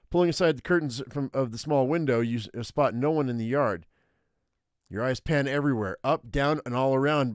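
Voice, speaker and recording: A man streaming live, reading an interactive zombie story aloud in a casual, halting way, with fillers and self-corrections. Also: medium pitch, no echo, clean studio sound. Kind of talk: live reading of a text game.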